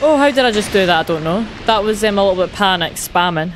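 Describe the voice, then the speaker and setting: A young Scottish woman talks casually over her gameplay, answering chat and laughing at her own jokes. Her pitch sits in the middle, and her accent is light but clear. A faint hiss of noise runs under the recording. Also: expressive, fast. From Scotland. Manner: chatty, laughs at herself, reads chat aloud. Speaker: streamer.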